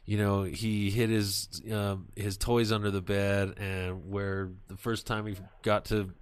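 A man hosting a podcast, chatting casually and telling animated, profane stories. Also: fairly low pitch, unhurried, clear, resonant tone. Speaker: podcast host. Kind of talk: casual chat.

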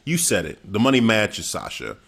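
A man's voice: on the low side, wildly swooping pitch, brisk, vocal fry, fairly bright tone, breathy edge. A man hosting a casual chat, rambling and correcting himself as he asks questions.

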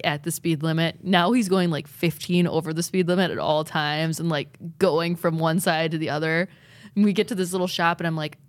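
A woman's voice: low-pitched, no echo. A woman as a podcast guest, chatty and laughing as she tells her side of a trip. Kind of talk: casual podcast chat.

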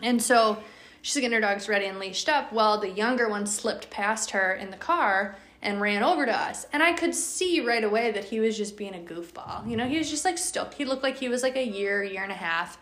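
A young woman hosting a podcast, telling a story in a chatty, animated way with lots of fillers. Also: a little high, roomy sound. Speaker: podcast host. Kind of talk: casual storytelling.

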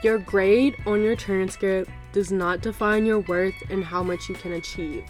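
A woman's voice: mid-range voice, steady tone, measured pace, faint music behind. A woman in her twenties hosting a casual solo podcast, chatty and full of "like" and "y'all". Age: 20s. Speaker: podcast host.

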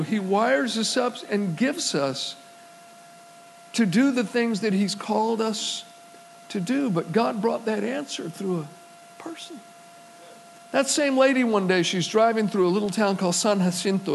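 A man with a high, light voice preaching in a storytelling way. He acts out the people in his stories and swells into emphatic preaching. A faint hum sits under the recording. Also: vocal fry, rough recording. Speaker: pastor. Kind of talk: sermon.

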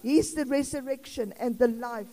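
A woman's voice: fairly high pitch, normal speed, warm tone. A South African woman in her sixties preaching an informal sermon in a chatty, rambling way with laughing asides. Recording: long reverb of a hall.

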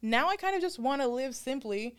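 A woman's voice: high-pitched, animated, a little fast, smooth. Reflective woman in casual podcast chat. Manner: reflective, laughs often, mimics her own inner voice. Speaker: podcast co-host.

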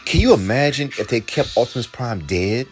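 A man giving an excited, emotional reaction commentary while watching a film. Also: medium pitch, normal speed, soft background music. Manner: emotional, exclaiming, laughing often. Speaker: reaction video host.

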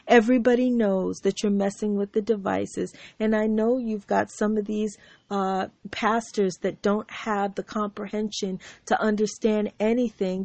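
A woman's voice: on the high side, darkish tone, dry recording. A woman hosting her own show, delivering an aggrieved, sarcastic monologue with mocking asides. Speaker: show host. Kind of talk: ranting monologue to camera. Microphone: computer mic.

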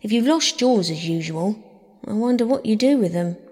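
A woman's voice: mid-range voice, animated, normal speed, a little mellow, long reverb tail, pitched above the performer's own voice, close to an everyday voice. A woman voicing a proud young boy who scolds his sister offhandedly in a storybook reading. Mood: impatient. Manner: offhand, impatient, brotherly scolding.

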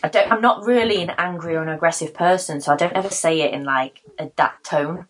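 A woman near thirty talking in a relaxed chat, her voice pitched a little low and slightly husky. She laughs easily and brightens when acting out her own words. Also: a little fast. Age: 20s. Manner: laughing, animated when quoting herself. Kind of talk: casual chat.

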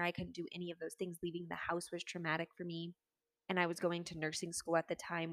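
A woman's voice: on the low side, dry recording. A woman in her twenties telling her personal story in a candid, earnest way, with casual fillers.

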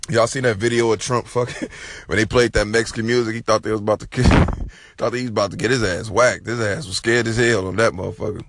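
A man's voice: fairly low pitch, steady tone, brisk, gravelly, a bit bright. A man hosting a solo podcast, talking in a casual, slangy, profane and rambling way. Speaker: podcast host.

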